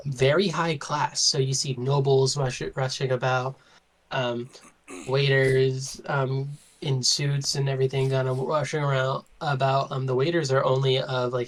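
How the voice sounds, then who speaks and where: A woman narrating a tabletop game as game master, casual, with many fillers and frequent laughs. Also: extremely low pitch.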